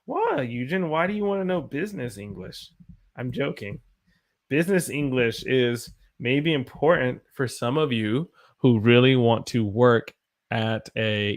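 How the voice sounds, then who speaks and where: A young American man, an English teacher, chatting on a live stream, animated and greeting his viewers by name. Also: medium pitch. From United States. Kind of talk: casual live-stream chat.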